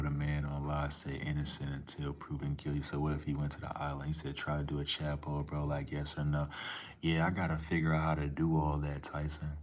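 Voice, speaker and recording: A young man live streaming, talking casually and reading chat aloud, laid-back and profane with lots of slang. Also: rumbling low.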